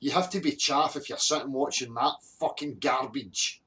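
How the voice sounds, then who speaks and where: A man's voice: medium pitch, normal speed, pushed and bright. A Scottish man hosting a live stream, ranting bluntly with heavy swearing and greeting viewers from the chat. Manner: angry, heavily sweary, blunt. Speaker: livestream host.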